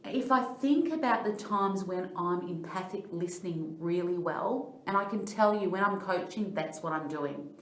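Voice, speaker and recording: A woman's voice: lowish voice, lively intonation, normal speed, hardly any pauses, fairly bright tone. A middle-aged Australian woman, a life coach, explaining ideas earnestly in a training talk and telling personal stories. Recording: echoey room.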